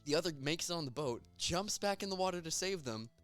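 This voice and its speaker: A man's voice: on the high side, fairly quick, faint music behind. Casual young man chatting about movies. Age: young adult. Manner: animated, joking, fillers like "like". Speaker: podcast host. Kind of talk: casual chat.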